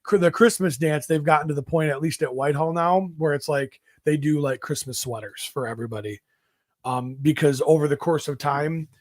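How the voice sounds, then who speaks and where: A man co-hosts a casual podcast, quick with joking interjections. His voice sits a bit high for a man and is recorded dry and close. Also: dry recording. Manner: joking interjections and wry asides. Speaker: podcast co-host. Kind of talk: casual chat.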